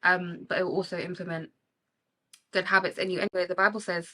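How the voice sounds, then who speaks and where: A woman's voice: lowish voice, flat delivery, fast talker, pushed and bright. A young woman with a British accent chatting candidly while doing her makeup, talking with emotion about faith and living with intention. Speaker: beauty vlogger.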